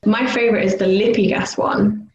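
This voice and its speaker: A young woman from the UK chats casually as a podcast co-host, her voice sitting at an ordinary middle pitch. She gets animated, loudly imitating street noises and jingles. The recording sounds echoey, with a faint hiss of background noise. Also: normal speed, muffled recording. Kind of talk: casual chat.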